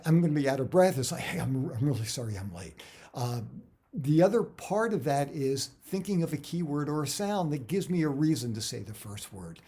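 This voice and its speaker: A man's voice: on the high side, warm tone. A man, an actor and acting coach, speaking conversationally to camera and explaining auditions with examples. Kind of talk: instructional talk to camera.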